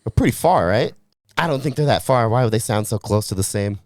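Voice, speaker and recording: A man's voice: medium pitch, animated, a little fast, a little mellow, dry recording, studio quality. A young man co-hosting a podcast, chatting casually and joking crudely. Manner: joking, crude, puts on mock accents. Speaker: podcast co-host. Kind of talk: casual chat.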